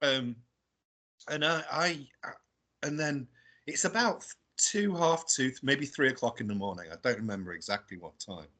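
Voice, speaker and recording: British man, lively storyteller, bright and a bit husky; guest on a talk show. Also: medium pitch, normal speed. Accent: British English. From England. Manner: animated, tag questions, laughing mid-story. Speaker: guest explorer. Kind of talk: casual storytelling on a radio show.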